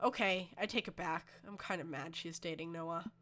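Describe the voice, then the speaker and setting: A woman voicing an upset teenage girl who vents in a fast, rambling way. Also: on the low side, fairly bright tone, pitched below the performer's own voice, close to an everyday voice.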